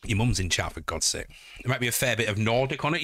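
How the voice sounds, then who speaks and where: A man's voice: mid-range voice, lively intonation, fast talker, fairly bright tone, dry recording, studio quality. A man with a Yorkshire accent, chatting casually on a live stream, joking and swearing as he reads out chat messages. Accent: Yorkshire (Hull). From Yorkshire, England.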